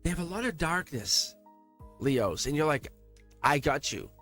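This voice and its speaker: An excitable man runs a tarot reading straight to his viewers, his fairly high voice leaping up and down as he presses each point. He laughs often, repeats himself and sounds close to tears. Soft music plays quietly underneath. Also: unhurried. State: emotional, near tears. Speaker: tarot reader. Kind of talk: emotional tarot reading to camera. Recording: soft music playing behind.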